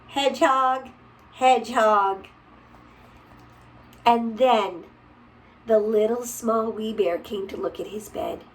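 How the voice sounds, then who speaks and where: A woman reading a picture book aloud to a child, gentle and often dropping to a whisper. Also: mid-range voice, steady tone, unhurried, far from the mic, rough recording.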